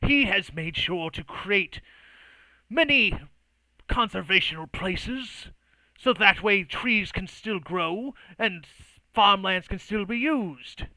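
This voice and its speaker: A man's voice: high voice, lively intonation, slow pace, no echo, voice pushed up, exaggerated voice, rough recording. Cheeky female druid agent, voiced by a man. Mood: retorting. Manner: cheeky, sharp-tongued.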